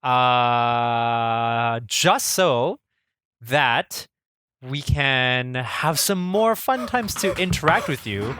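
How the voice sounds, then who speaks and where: A man's voice: medium pitch, expressive, drawn-out words, bright, forceful tone, clear, resonant tone. A man co-hosting a casual pop-culture podcast, easygoing and hesitant, with many fillers and restarts. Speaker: podcast co-host.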